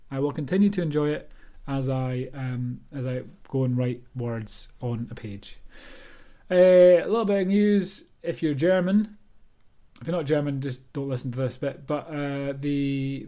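A man's voice: on the high side, dark tone. A Scottish author hosting his own podcast, talking alone in a rambling, self-deprecating, chatty way. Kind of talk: casual solo podcast monologue.

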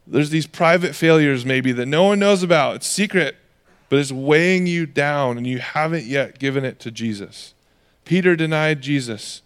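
A man's voice: fairly high pitch, clear, resonant tone. A man preaching a sermon in a conversational way, acting out the voices of people in the stories he tells. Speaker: pastor.

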